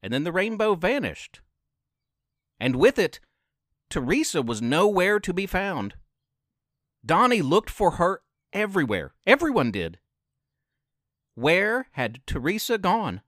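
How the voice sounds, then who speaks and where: Slow expressive male storyteller. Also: high-pitched, no room sound, studio quality. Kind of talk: scripted narration.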